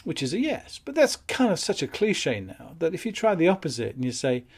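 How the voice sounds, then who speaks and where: A man teaching phone appointment-setting in a calm, matter-of-fact way, with light chuckles. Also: a little high, brisk, husky. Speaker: business skills trainer. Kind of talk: instructional talk on phone sales.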